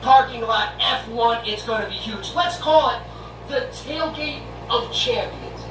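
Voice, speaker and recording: A man's voice: extremely high pitch, unhurried, pushed and bright. Brash man ranting from afar. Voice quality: mocking and brash. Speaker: fan show host. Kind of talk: sarcastic comedic rant. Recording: roomy distant noisy video recording.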